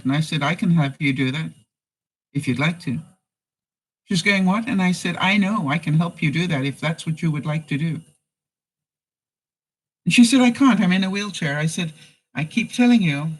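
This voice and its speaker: A man's voice: fairly high pitch, poor audio. A man in a casual live stream, telling a story and speaking to viewers by name in a folksy way with frequent fillers. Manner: folksy, addresses commenters by name, frequent "you know". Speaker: vlogger answering live chat.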